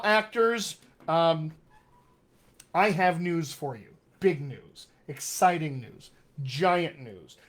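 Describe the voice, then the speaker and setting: A man coaching actors on accents in a live-streamed Q&A, talking with energy and repeating his key points for emphasis. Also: fairly high pitch. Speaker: dialect coach.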